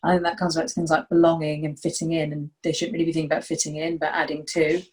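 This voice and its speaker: Female panellist, lowish voice, earnest and reflective. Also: flat delivery, quick pace, a little mellow, low-quality recording. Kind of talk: panel discussion on video call.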